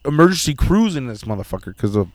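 A man's voice: mid-range voice, sing-song, quick pace. A man bantering crudely and jokingly with friends. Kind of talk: casual banter.

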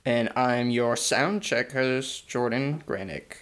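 A man's voice: mid-range voice, slow, fairly bright tone. A man co-hosting a podcast, wisecracking in casual banter. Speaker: podcast co-host.

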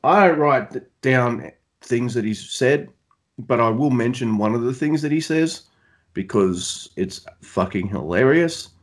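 A man's voice: mid-range voice, animated, measured pace. A man with an Australian accent, chatting casually and rambling with jokes as a podcast co-host. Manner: rambling, joking, self-deprecating. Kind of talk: casual chat.

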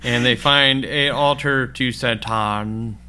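A man's voice: medium pitch, steady tone, slow pace, pushed and bright, a little hiss or hum. A man chatting casually about a horror movie, swearing and making dry jokes. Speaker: podcast co-host. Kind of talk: casual movie recap chat.

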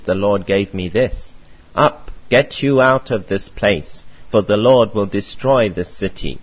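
A man reading a first-person memoir aloud in a measured, earnest way, on a muffled lo-fi recording. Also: on the low side. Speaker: audiobook reader.

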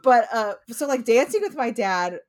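A woman's voice: a little high, animated, normal speed. A young woman co-hosting a podcast, playful and jokey, laughing a lot as she chats. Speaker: podcast co-host. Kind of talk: casual chat.

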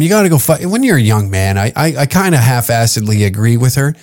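A man's voice: mid-range voice, lively intonation, fairly quick, hardly any pauses, darkish tone. A man hosting a comedy podcast, ranting in an exasperated, profane way. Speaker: podcast host.

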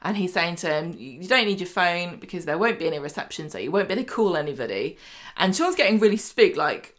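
A woman's voice: lowish voice, very animated, fast, a bit bright. A woman co-hosting a casual chat show, recapping episodes in a chatty way and often laughing. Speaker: podcast co-host recapping a soap.

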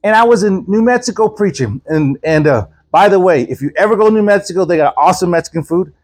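A man's voice: high-pitched, animated, quick pace, darkish tone, low-quality recording. A man from Texas, a traveling preacher, giving an informal, folksy sermon and often repeating words as he tells stories. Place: church gathering.

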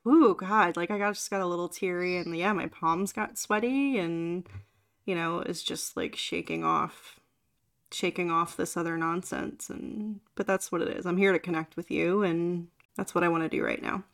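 A woman's voice: fairly low pitch, normal speed. A woman hosting a podcast over a video call, talking in an effusive, open way with frequent laughs and restarts. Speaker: podcast host. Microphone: video call microphone.

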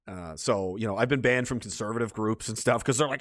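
A man's voice: lowish voice, a little fast, no echo, studio quality. A man who talks in a rambling, heated way, swearing often and restarting his sentences. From Canada. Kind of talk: casual ranting monologue.

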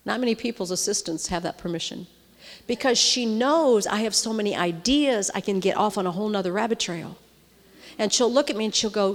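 A woman's voice: medium pitch, brisk. A middle-aged woman preaching to a room of women in a conversational way. She often checks in with the audience and drops to a near-whisper when moved. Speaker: women's ministry speaker. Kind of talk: sermon. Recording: long reverb of a large hall.

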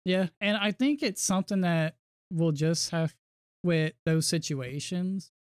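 A guest on a podcast thinking aloud in hesitant casual chat. The voice is smooth, and the sound is dry and close. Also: medium pitch, measured pace, darkish tone, dry recording.

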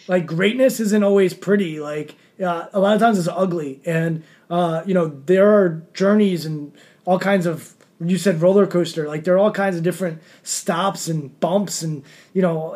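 A man hosts a podcast interview in a loose, conversational way. His voice sits a bit high for a man, and he fills pauses with ums and likes. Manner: relaxed, chatty, many fillers. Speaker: podcast host. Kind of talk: casual interview.

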